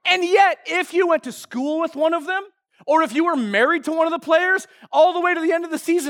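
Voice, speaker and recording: A middle-aged male pastor preaching a sermon, telling a story with jokes and lively energy. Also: very high-pitched, brisk. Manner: animated, joking storyteller.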